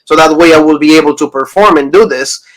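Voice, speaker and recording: Male co-host, 30s, fairly high voice, loose rambling recap style. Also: fast, rough recording. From Pennsylvania. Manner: rambling, retelling stories with quoted lines. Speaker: podcast co-host. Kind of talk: casual review chat.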